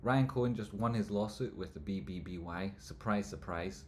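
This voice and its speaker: Male streamer, low voice, rambling chat host, mumbles then loud jokey bursts, faint hum behind. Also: fairly quick. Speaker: livestream host answering chat. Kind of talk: casual live chat, stock chart commentary.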